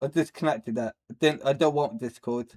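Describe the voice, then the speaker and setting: A man's voice: mid-range voice, moderate pace, a little mellow. A British man chatting casually on a live stream, rambling, answering chat and swearing offhand with lots of ums and uhs. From Britain.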